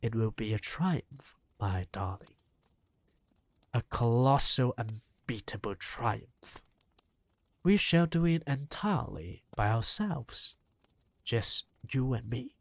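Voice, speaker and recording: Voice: mid-range voice, animated, slow, no room sound. A reader doing a bossy, fiery old grandmother. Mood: rousing. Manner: impatient, snappish and rousing. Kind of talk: audiobook reading.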